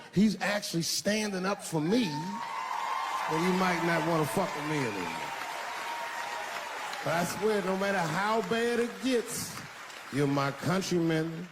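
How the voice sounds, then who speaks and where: A man doing stand-up on a big stage, his voice lively and swinging through its pitch as he tells crude, animated stories. He sits a little high for a man, with a long hall reverb trailing each line. A faint ambience sits under the whole recording. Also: noisy background. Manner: profane, animated storytelling with acted-out voices. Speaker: stand-up comedian. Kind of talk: stand-up comedy. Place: stage in a large venue.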